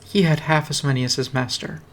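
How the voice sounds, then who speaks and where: A man's voice: mid-range voice, fairly even intonation, brisk, a bit bright, slight background noise. A man reading a fantasy fan story aloud on a stream, with a dry, wry delivery. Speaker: reader. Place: home streaming setup. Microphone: streaming mic.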